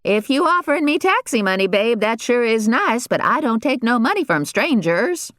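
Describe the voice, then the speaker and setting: A woman's voice: on the high side, sing-song, normal speed, a bit bright, no room sound, studio quality. A performer voicing a wary old spinster woman with a strange accent and a brusque manner.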